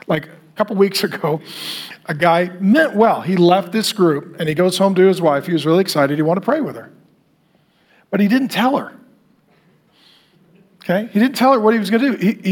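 High-voiced man preaching to a men's group. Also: husky. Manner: animated storytelling, acting out quotes with asides to the group. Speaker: pastor leading a men's group. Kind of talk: sermon.

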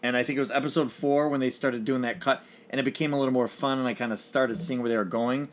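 A man's voice: mid-range voice, fairly even intonation, quick pace. A man co-hosting a podcast, recapping a TV series in casual chat, rambling with many fillers and restarts. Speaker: podcast co-host.

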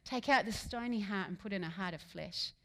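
A woman preaching a sermon in a church, lively and humorous, moving between soft asides and loud emphatic lines. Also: medium pitch, brisk.

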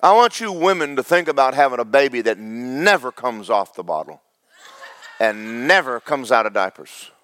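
A man, pastor of a church, preaching a sermon with big swings between loud, fervent highs and low, joking asides to the congregation. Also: very animated, moderate pace, no room sound. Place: church sanctuary.

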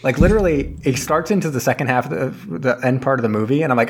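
A man's voice: medium pitch, fast, slightly rough. Rambling man recapping a movie. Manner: rambling, laughs often, acts out characters' lines. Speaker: podcast co-host. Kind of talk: casual movie recap chat.

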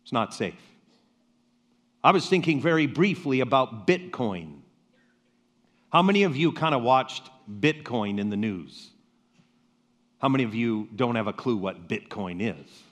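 A man preaching a sermon as a pastor, with slow, emphatic pauses and rhetorical questions. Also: mid-range voice, expressive, a bit bright. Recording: reverberant hall.

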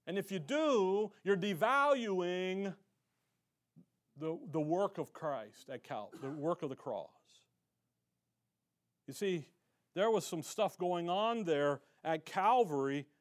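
Male pastor, higher-pitched voice, fervent and conversational sermon that builds in volume. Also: expressive, slow pace. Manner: fervent, colloquial preaching that swells in volume. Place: church.

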